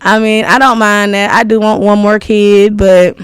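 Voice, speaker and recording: A woman's voice: medium pitch, little pitch movement, normal speed. A woman in her thirties, a podcast guest telling stories in a candid, rambling way, laughing often. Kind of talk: casual interview storytelling.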